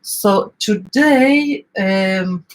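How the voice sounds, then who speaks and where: A woman's voice: mid-range voice, animated, very slow, rough recording. A middle-aged woman with an Eastern European accent talks through a home recipe in a loose, chatty way. She often stops to hunt for a word, filling gaps with ums before carrying on. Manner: chatty, searching for words, many fillers. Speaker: home cook. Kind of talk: casual cooking vlog chat.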